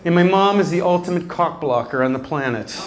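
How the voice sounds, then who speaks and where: High-voiced stand-up comedian in a club. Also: male voice, brisk, noisy background. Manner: wry storytelling with deadpan asides. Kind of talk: stand-up routine. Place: nightclub stage before a live audience. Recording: live club with audience laughter.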